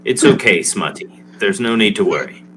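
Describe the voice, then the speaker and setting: A man's voice: fairly low pitch, expressive, normal speed, noisy background. A man playing in a tabletop game, speaking in a formal, stately way. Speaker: player. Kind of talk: in-character roleplay.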